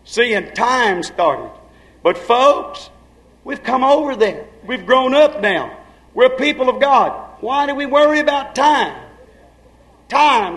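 A man preaching a sermon with fervor, dropping to hushed lines and then rising to shouts. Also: very high voice, animated, slow, low-quality recording.

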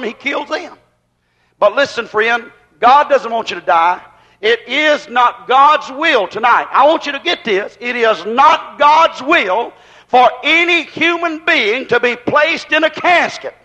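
High-pitched man, forceful bright tone, fiery preaching with shouts. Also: poor audio. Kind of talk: sermon.

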